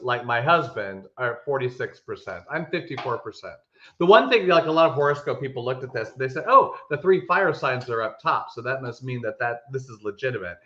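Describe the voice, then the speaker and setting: A man co-hosting a podcast in casual chat, telling stories with animated emphasis and frequent restarts. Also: medium pitch. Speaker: podcast co-host. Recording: echoey room, dull lo-fi sound.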